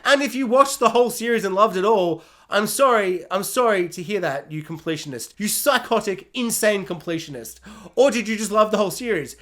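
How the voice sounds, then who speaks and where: A man's voice: high-pitched, animated, fairly quick, few pauses, a bit bright. A man reviewing a TV show in a sarcastic, exaggerated, rambling comic rant. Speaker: YouTube TV reviewer.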